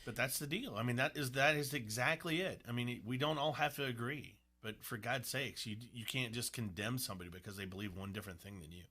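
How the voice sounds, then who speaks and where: A man's voice: mid-range voice, fairly quick, few pauses, sharp tone, slightly rough. A man hosting a sports talk radio show, ranting bluntly and sarcastically from the studio. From United States.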